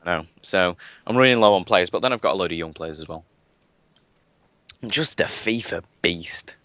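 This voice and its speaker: A man's voice: low voice, moderate pace, sharp tone, dry recording. A man chatting casually on a gaming live stream, rambling with lots of fillers and restarts. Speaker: guest gamer.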